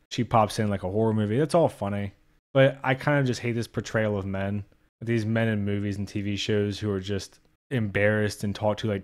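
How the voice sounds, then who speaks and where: A man's voice: on the low side, darkish tone. A young man giving a casual spoken movie review, blunt and profane, openly exasperated.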